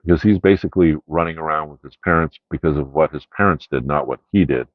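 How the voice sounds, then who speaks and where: Super deep guy rambling about his haul, lots of ums and "right?", dry kinda dull lo-fi sound. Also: fast talker, dry recording. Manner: rambling with many fillers and repeated "right?". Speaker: media collection haul host. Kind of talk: casual unscripted video review.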